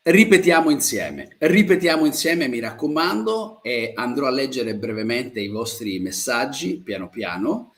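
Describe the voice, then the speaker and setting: A man from Italy with an Italian accent, teaching Italian in a live-streamed lesson, repeating phrases slowly and staying upbeat and positive. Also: mid-range voice, fairly bright tone. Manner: slow, drawn-out model phrases repeated for learners.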